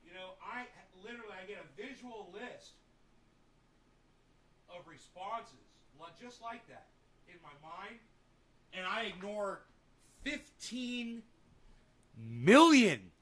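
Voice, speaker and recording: Livestream guy, kinda high bright voice, cussing and rambling back at his chat. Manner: profane, combative, rambling with restarts. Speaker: livestream host. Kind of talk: casual livestream chat reading comments.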